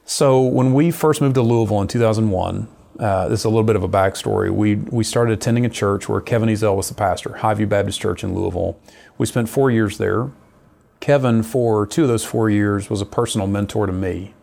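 A middle-aged man with a gravelly, fry-edged voice that sits on the low side. He recounts his calling as a missionary in an earnest, lively storytelling manner. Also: brisk. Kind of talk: personal testimony in conversation.

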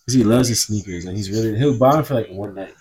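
A young man co-hosts a podcast in a lowish, somewhat dark voice, talking fast. He chats casually and spins rambling, easygoing stories.

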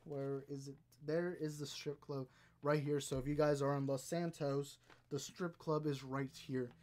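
A man hosting a live stream, chatting casually and rambling while reading chat and browsing, now and then bursting into excitement. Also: fairly high pitch, unhurried. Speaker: podcast host streaming live.

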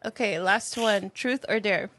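A woman's voice: mid-range voice, measured pace, a bit bright, no room sound. Playful woman co-host, dry sound. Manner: playful, reads out dares. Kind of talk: casual party-game chat.

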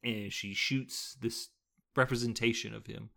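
A man's voice: mid-range voice, fairly even intonation, measured pace, gravelly, pushed and bright. A man co-hosting a casual movie podcast, retelling the plot and arguing his point with rising emphasis. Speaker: podcast co-host. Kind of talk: casual movie-review chat.

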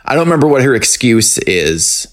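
Male podcast co-host, lively pitch swings, playful recapping, casual chat delivery. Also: normal speed. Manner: animated, joking, acts out lines in put-on voices.

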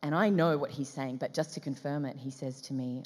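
Low-voiced Australian woman in a reverberant room. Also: brisk, hardly any pauses. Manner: lively, acts out dialogue in quotes, frequent laughs. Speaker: guest. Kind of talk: animated storytelling interview. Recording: long reverberant room sound.

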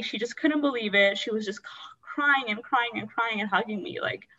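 A woman's voice: mid-range voice, normal speed, bright, forceful tone, distant mic, muffled recording. A woman candidly recounting a painful personal story in a rambling, emotional way. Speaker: guest sharing her story.

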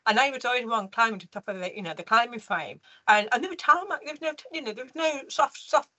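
Talking fast in a fairly high voice, a woman from the UK recounts her life as an interview guest, lively but often restarting and filling pauses. The recording quality is low.

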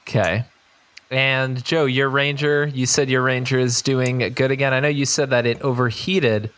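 A man's voice: mid-range voice, fairly even intonation, normal speed, fairly bright tone, clear, resonant tone. A man co-hosting a podcast, chatting casually, joking and asking the others questions. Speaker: podcast co-host. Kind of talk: casual chat.

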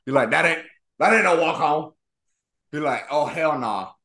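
A man's voice: on the high side, expressive, moderate pace, pushed and bright. A man co-hosting a podcast, telling rambling, profane sports stories and acting out quotes. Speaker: podcast co-host. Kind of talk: casual sports chat.

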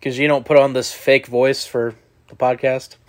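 A young man co-hosting a casual sports podcast, teasing his partner and quick to laugh. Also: mid-range voice, flat delivery. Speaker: podcast co-host.

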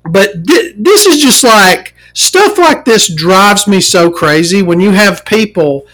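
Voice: mid-range voice, animated, slow pace, fairly bright tone, rough recording. Forty-something vlogger ranting, tons of swearing, voice jumps all over the place. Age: 40s. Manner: angry and exasperated, heavy swearing, mimics the people in the story. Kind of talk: profane ranting storytime.

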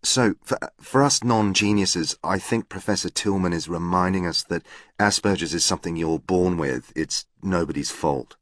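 A man's voice: sits low, normal speed, fairly bright tone, no room sound, studio quality. A man reading aloud, voicing a frank, weary woman who organises a talk and speaks bluntly. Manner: blunt, casual.

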